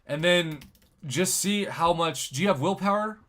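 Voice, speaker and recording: A man's voice: high-pitched, moderate pace, fairly bright tone. A man hosting a live game stream, chatting casually and joking while reading viewer comments. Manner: jokey, chatty, reads viewer comments aloud.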